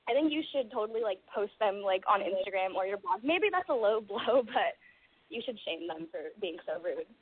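A woman's voice: medium pitch, animated, moderate pace, husky, dry recording. A woman calling into a show, chatting in a giggly, friendly way. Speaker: caller. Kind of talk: call-in chat. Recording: dry phone line.

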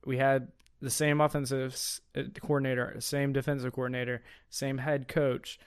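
A man hosts a casual sports podcast with a smooth, resonant voice. He talks in quick bursts, full of fillers and restarts, over a dry, close mic. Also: medium pitch, little pitch movement, dry recording. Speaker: podcast host.

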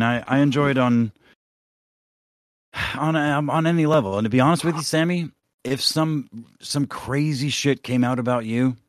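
A man's voice: mid-range voice, dry recording, studio quality. A man co-hosting a podcast in casual chat, ranting with lots of swearing and rambling asides. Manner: profane, rambling rants. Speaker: podcast co-host.

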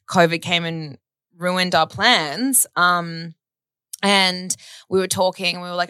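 Chatty woman, low-pitched. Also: dry recording. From Australia. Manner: chatty, animated storytelling. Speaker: podcast co-host. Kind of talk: casual chat.

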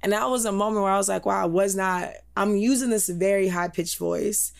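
A young woman co-hosting a podcast, chatting casually and telling a lively story with an animated, candid delivery. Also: a little fast, creaky. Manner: animated storyteller, laughs, switches into a put-on high voice. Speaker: podcast co-host.

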